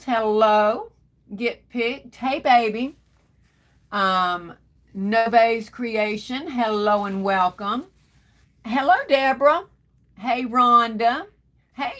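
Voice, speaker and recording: A woman hosting a casual livestream, greeting viewers one by one and calling them baby and darling. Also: a little high. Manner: warm Southern endearments, calls viewers baby and darling. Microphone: phone.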